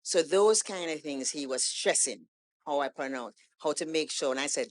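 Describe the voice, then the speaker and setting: A woman guest on a podcast, telling a story in a casual, animated way and acting out the lines of the people in it. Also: deep voice, a little fast. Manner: animated storytelling, acts out quoted dialogue. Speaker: guest poet.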